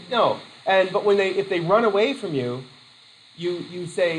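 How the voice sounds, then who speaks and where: Male teacher lecturing a class; chatty, animated, fairly high pitch, slight room hiss. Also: normal speed, poor audio. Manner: lively, acts out quoted voices, laughs easily.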